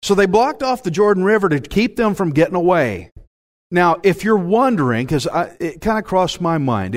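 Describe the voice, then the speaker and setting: A man with a Texan accent preaching a sermon in a folksy, self-mocking way, laughing at his own jokes. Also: fairly high pitch. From Texas. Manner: folksy, animated, laughs at himself. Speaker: pastor.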